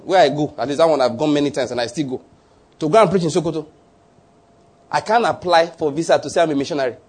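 A man, preaching a slow, emphatic sermon to a congregation as pastor. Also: fairly high pitch, darkish tone.

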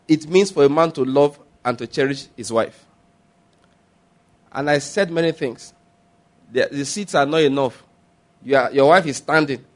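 A man preaching a sermon as a pastor, animated and often laughing as he mimics others. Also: medium pitch.

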